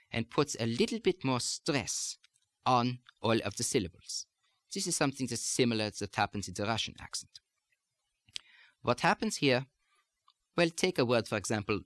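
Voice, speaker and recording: A man's voice: mid-range voice, fairly bright tone, dry recording. Man teaching in a put-on German accent. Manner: precise, explanatory teaching delivery. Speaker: dialect coach. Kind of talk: recorded accent lesson.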